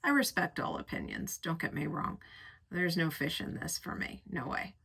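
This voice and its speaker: A woman's voice: low-pitched, lively intonation, normal speed, gravelly, fairly bright tone, slightly rough. A woman reviewing perfumes in a casual, effusive chat, painting vivid pictures and lingering over her words. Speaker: fragrance reviewer.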